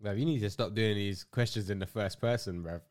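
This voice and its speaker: A young man, chatting calmly and agreeably as a podcast co-host. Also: fairly low pitch, brisk, no echo, studio quality. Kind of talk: casual chat.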